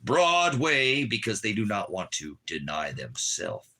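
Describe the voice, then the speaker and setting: A man preaching an informal home sermon with fervent delivery that swings from low murmurs to shouted warnings. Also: wildly swooping pitch, a little slow, slightly rough.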